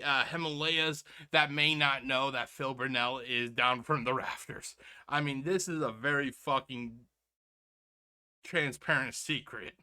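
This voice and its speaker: A man hosting a reaction video in casual, sarcastic commentary, rambling with many restarts and calling his viewers ladies and gentlemen. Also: on the high side, clear, resonant tone. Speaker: reaction channel host.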